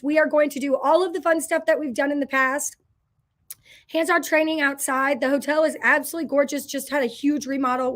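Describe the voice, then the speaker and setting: Chatty high-voiced woman hosting a live stream. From Indiana, USA. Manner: chatty, effusive, greets viewers by name. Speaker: company president hosting a live Q&A. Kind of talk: casual live-stream chat.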